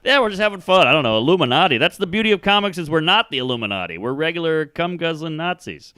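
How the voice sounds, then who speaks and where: Bright, crisp-voiced man comic. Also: a little high, no room sound. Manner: fast, crude, animated punchlines. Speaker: comedian guest. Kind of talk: casual chat.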